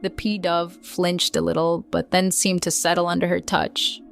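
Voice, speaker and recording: A woman narrating a children's bedtime story in a soft, gentle, unhurried way. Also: on the low side, level tone, vocal fry, faint music behind.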